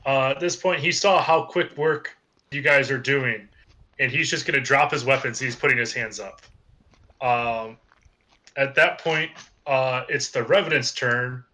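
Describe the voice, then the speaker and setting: A man running a tabletop game as game master, giving dry, deadpan rulings. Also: medium pitch, a little slow. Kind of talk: running a tabletop game over a live stream.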